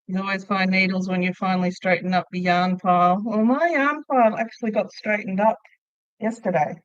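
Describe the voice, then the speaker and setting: A woman's voice: medium pitch, fairly even intonation, fairly quick, no echo, lo-fi sound. A middle-aged woman hosting a casual crochet livestream from home. She chats easily, laughs often and answers viewer comments aloud as she works. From Australia. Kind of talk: casual live chat while crocheting.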